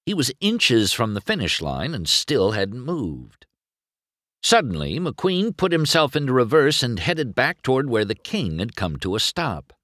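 Slow, lively storybook narrator, a man. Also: medium pitch, no room sound, studio quality. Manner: expressive, swooping storytelling. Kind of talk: storybook reading aloud.

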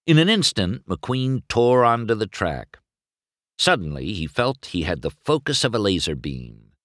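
A man reading a storybook aloud as narrator, with expressive, unhurried storytelling. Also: on the low side, no echo, clean studio sound.

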